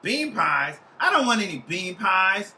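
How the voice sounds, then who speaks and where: A man's voice: sits high, big pitch swings, measured pace, pushed and bright, echoey room, exaggerated voice. A man voicing a frustrated young male stoner who calls a TV psychic and loses patience, cursing as he talks. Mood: exasperated. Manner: exasperated, impatient, profane.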